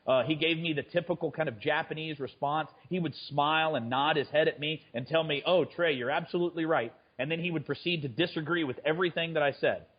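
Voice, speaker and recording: A man's voice: on the high side, fast, few pauses, breathy edge, dull audio. A man speaking as a trader guest in a conversational interview, often restarting his sentences. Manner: frequent stammered restarts. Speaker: guest, fund manager and trader.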